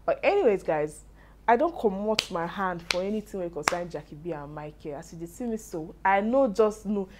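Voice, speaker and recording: Young Nigerian woman, lower register, animated gossip-style commentator. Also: fairly quick, a little hiss or hum. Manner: chatty, animated, sprinkles in Pidgin asides. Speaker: reality show commentator. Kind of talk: casual commentary vlog.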